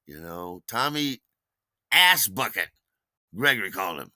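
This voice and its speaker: A man's voice: very animated, a little slow, bright, forceful tone, dry recording. A man hosting a podcast, telling a rambling personal story in a casual way and acting out the dialogue with jumps in his voice. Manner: rambling, acts out quoted dialogue with pitch jumps. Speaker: podcast host.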